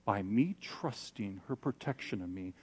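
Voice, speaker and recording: A man's voice: lowish voice, animated, measured pace, a little mellow, husky. A man preaching, telling a personal story in a candid, self-deprecating way and acting out the voices he quotes. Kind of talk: sermon storytelling.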